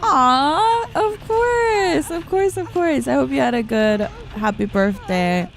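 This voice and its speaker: Slow-talking woman streamer chatting with viewers. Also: high voice, lively intonation, gravelly. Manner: chatty, laughs often, reads chat aloud. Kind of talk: casual live-stream chat while gaming.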